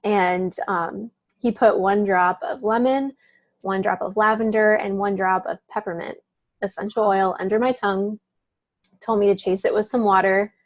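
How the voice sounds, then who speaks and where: A woman's voice: medium pitch, steady tone, normal speed, no room sound. A woman talking casually as an interview guest, telling a personal story with frequent laughs and lots of filler words. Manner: chatty, laughs often, many "like" fillers.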